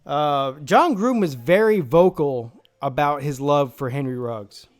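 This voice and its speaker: A man's voice: a little high, a little slow. A man from South Carolina hosting a live football draft stream, brash, profane and joking in casual commentary.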